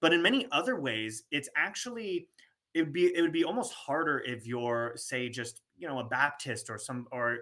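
Bright-voiced man in casual chat. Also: fairly high pitch, lively intonation, moderate pace. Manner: earnest, thoughtful, many restarts. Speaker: podcast co-host. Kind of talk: casual conversation.

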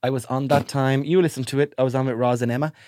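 A man's voice: mid-range voice, steady tone, fast talker, a little mellow, no room sound, clean studio sound. A man, co-hosting a comedy podcast and telling rambling stories. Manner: rambling storytelling, improvises characters. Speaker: podcast co-host. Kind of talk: casual comedy chat.

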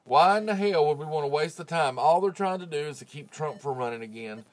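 A man's voice: a little high, animated, a little fast. Man ranting profanely on his podcast. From United States. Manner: profane, heated, rising to loud outbursts. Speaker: podcast host. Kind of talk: casual ranting monologue. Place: home closet. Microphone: phone with clip-on mic.

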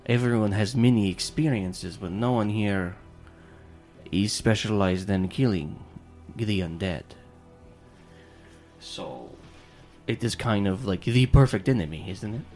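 A man's voice: lowish voice, measured pace, a little mellow, faint music behind, close to an everyday voice. A man voicing an aloof adult male agent who talks in a cool, matter-of-fact way.

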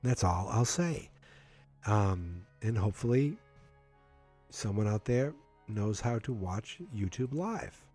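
A man's voice: on the low side, animated, slow pace, pauses often, darkish tone, breathy edge, soft background music. A man hosting a casual solo podcast, rambling with many fillers and self-corrections. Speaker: podcast host.

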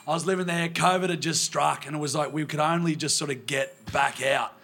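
Gravelly, bright-voiced Aussie bloke. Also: male voice, a little high, steady tone, a little fast. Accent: Australian. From Australia, rural New South Wales. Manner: chatty, swears often, acts out others in anecdotes. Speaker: podcast guest. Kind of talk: live podcast banter. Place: brewery venue, live audience.

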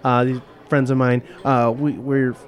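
A man's voice: mid-range voice, level tone, measured pace. A man playing a character in a tabletop game, talking in a rambling, hesitant way. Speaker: player.

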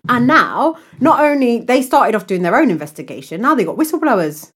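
A young woman co-hosting a casual podcast, slangy and quick to laugh. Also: a little high, husky. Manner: lively, laughs often, slangy. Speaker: podcast co-host. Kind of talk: casual chat.

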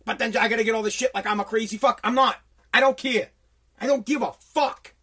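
A man's voice: very high-pitched, fairly bright tone. A man hosting a solo podcast, ranting in an angry, profane way with lots of stumbling restarts. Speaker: podcast host.

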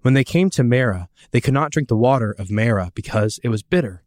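An earnest male Bible teacher tells a story and voices the questions people ask. His voice sits at an ordinary middle pitch, recorded close and dry with no room sound. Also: animated, fairly quick, few pauses, darkish tone, no room sound.

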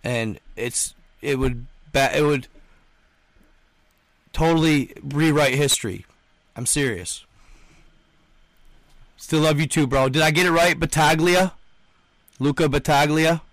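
Young dude livestreaming, slangy and insistent, reading chat into a dry close mic. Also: male voice, medium pitch, slow, pauses often, a bit bright, no echo. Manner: emphatic, repeats himself, slangy. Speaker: livestream host.

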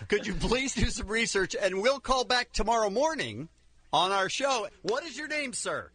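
A man's voice: high-pitched, sing-song, moderate pace, sharp tone. A man making a polite, giggly radio prank call.

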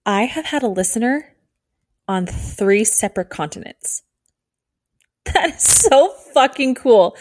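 A woman in her thirties hosting a casual solo podcast, talking fast and bubbly, rambling with lots of "like" and little laughs. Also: mid-range voice, no echo, studio quality. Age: 30s. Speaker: podcast host.

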